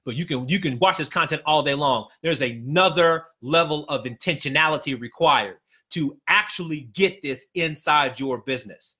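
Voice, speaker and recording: A man's voice: on the high side, normal speed, hardly any pauses, sharp tone. A man coaching business owners on a live stream, talking emphatically and repeating his key phrases with many restarts. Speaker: business consultant.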